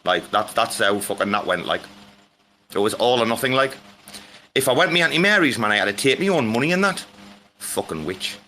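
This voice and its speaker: A man's voice: mid-range voice, animated, brisk, pushed and bright, a little hiss or hum. A young man hosting a casual chat, rambling through stories and swearing freely. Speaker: host.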